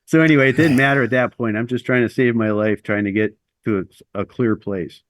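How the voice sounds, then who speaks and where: A man's voice: mid-range voice, steady tone, a little fast, no echo. A middle-aged man telling a long personal story as an interview guest, rambling and self-deprecating with lots of fillers.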